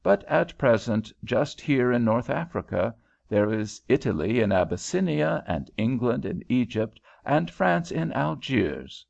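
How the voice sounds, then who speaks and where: A man's voice: medium pitch, sing-song, a little slow, gravelly, a little mellow, full character voice. A man reading aloud, voicing an easygoing American traveller who questions things in a mildly skeptical, drawling way. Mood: musing. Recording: dull lo-fi home recording.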